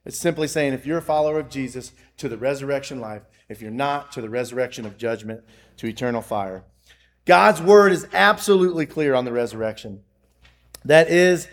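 A man preaching a sermon, reading scripture with rising emphasis and often repeating his phrases. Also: mid-range voice. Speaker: pastor.

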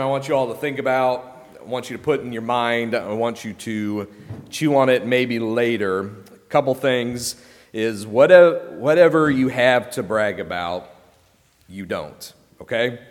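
Man, pastor, casual sermon, conversational, self-correcting, mid pitch, long church reverb. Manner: conversational, self-correcting, uses "okay?" and "like" often. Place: church sanctuary.

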